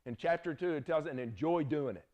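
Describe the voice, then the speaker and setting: A man's voice: a little high, fast, a little mellow, dull audio. Middle-aged Southern man, folksy Bible teacher, storytelling lecture with frequent check-ins.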